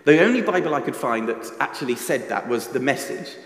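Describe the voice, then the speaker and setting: A man's voice: medium pitch, animated, fairly quick. A man giving a reflective sermon in a church, often asking his listeners questions. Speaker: preacher. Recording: echoey church hall reverb.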